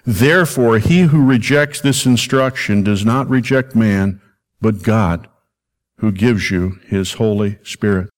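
A man's voice: fairly low pitch, a little slow. Preaching man in a reverberant church. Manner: conversational preaching, emphatic repetition. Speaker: senior minister. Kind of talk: sermon. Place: church sanctuary. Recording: long hall reverb.

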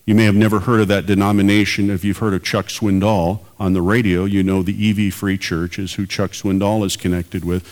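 A man's voice: sits low, level tone, fairly quick, few pauses, darkish tone. A man preaching a sermon as pastor and radio preacher, earnest and building to emphatic peaks.

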